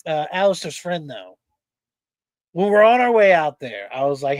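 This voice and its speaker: A man's voice: a little high, moderate pace, pauses often, no room sound. A man hosting a casual podcast, telling a story with lots of energy and plenty of swearing. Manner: animated storyteller, swears freely. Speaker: podcast host. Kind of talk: casual chat.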